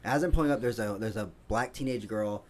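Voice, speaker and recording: A man's voice: lowish voice, brisk. A man co-hosting a casual comedy podcast, telling a rambling story and laughing often. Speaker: podcast co-host. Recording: faint noise, home studio.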